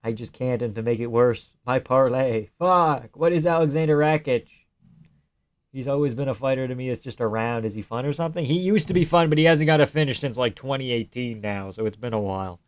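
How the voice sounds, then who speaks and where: A man streaming live reactions to a fight, talking casually with lots of swearing and bursting into shouted groans. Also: mid-range voice, a little fast. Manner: profane and excitable, breaking into shouted groans.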